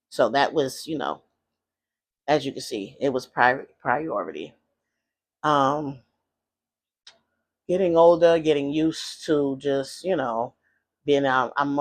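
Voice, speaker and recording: Gravelly man telling a life story. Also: medium pitch. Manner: rambling, hesitant, many fillers and restarts. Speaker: vlogger. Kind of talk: personal storytelling.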